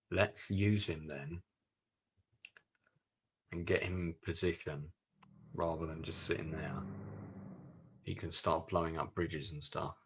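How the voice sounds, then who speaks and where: A man's voice: low-pitched, a bit bright, slightly rough. A man streaming a strategy game, giving gameplay commentary and thinking aloud with muttered asides.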